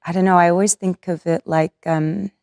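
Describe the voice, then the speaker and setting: An Australian actress chatting casually in conversation, full of filler likes. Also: female voice, fairly low pitch, steady tone, normal speed, vocal fry, a little mellow, clean tone, no room sound, clean studio sound. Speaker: actor.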